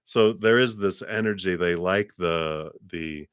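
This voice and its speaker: Middle-aged male tarot reader with a low voice who chuckles often and repeats words as he thinks aloud. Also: a little slow, smooth, no echo, studio quality. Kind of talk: live tarot reading for a viewer.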